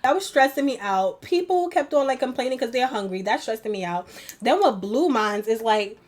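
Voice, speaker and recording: A woman's voice: fairly high pitch, animated, normal speed. A young woman chatting and venting while doing her makeup at home, rambling with many fillers. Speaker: beauty vlogger. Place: home bedroom at a vanity.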